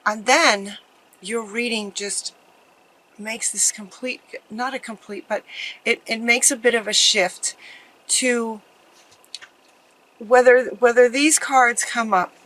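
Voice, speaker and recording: Slow, earnest woman reading tarot. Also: a little high, fairly even intonation, rough recording. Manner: slow, meandering and earnest, with soft sighs and laughs. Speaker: tarot reader. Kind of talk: spiritual tarot reading to camera.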